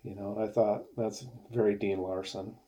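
A man as an interview guest, telling stories in a relaxed, rambling way and laughing often. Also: on the low side, normal speed. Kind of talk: casual storytelling.

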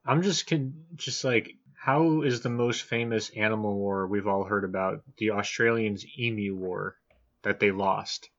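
Low-voiced joking man on a dull mic. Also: unhurried, fairly bright tone. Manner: joking, hedges with "like". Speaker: podcast co-host. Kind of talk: casual chat.

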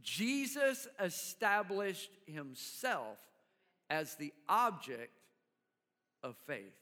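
Bright high-voiced man preaching in a hall. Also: sing-song, very slow. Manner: conversational preaching, checks in with the congregation. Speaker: pastor. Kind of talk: sermon. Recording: long hall reverb.

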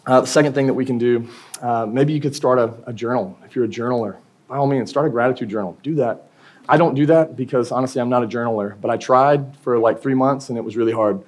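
Young man, pastor, sermon, conversational preaching, joking asides, mid-pitched voice. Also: fast. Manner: casual, conversational preaching with humor and quoted asides.

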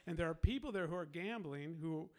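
A man's voice: fairly high pitch, animated, brisk, darkish tone. A man telling a long personal anecdote in a casual way, laughing often and acting out the people he quotes. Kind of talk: casual storytelling.

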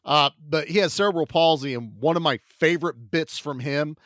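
A podcast co-host retells movie scenes in casual chat, animatedly acting out the lines and swearing freely. His voice is on the high side and brisk, captured in a dry recording with clean studio sound.

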